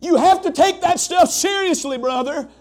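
A middle-aged man preaching a sermon, moving between shouted preaching and quiet storytelling, with frequent "uh" fillers. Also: very high voice, moderate pace. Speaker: pastor.

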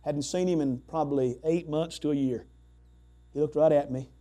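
A middle-aged man preaching a sermon, moving between shouted preaching and quiet storytelling, with frequent "uh" fillers. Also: fairly high pitch, fairly even intonation, moderate pace, soft background music. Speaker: pastor.

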